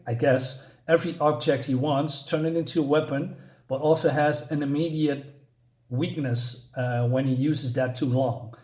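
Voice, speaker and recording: A man's voice: on the high side, darkish tone. A man giving a casual spoken comic book review, rambling and hesitant, with many fillers.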